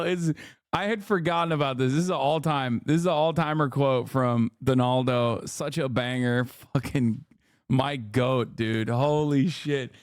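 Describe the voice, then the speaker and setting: Crude mocking streamer, crisp and dry. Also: male voice, mid-range voice, a little slow, no echo. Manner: crude, mocking, blurts reactions. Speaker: streamer reacting to clips. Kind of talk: casual reaction commentary.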